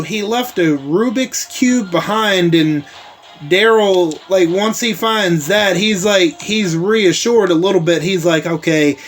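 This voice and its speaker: High-voiced man in an unhurried casual recap. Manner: rambling, heavy on fillers like "like" and "uh", with casual swearing. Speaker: host recapping a TV episode. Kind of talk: casual spoken episode recap.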